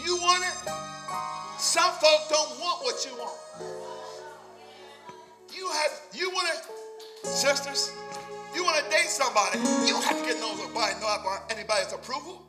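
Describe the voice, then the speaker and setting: High-voiced preacher man, echoey church. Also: lively intonation, normal speed, pauses often, music in the background. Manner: rhythmic call-and-response preaching, repeated refrains; folksy, vernacular delivery. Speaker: pastor. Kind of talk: sermon. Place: church sanctuary.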